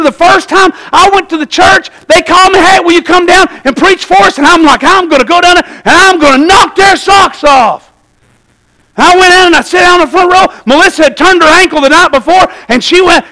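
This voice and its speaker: A middle-aged man preaching a sermon, telling lively stories and calling out "Amen?" to the congregation. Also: extremely high pitch, rough recording. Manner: animated storytelling, calls out "Amen?" to the congregation. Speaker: pastor.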